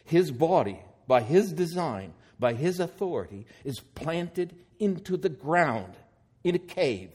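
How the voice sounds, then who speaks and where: A man's voice: fairly high pitch, big pitch swings, takes it slowly, a little mellow, slightly rough. A man preaching a sermon, reading scripture aloud and then explaining it with growing emphasis.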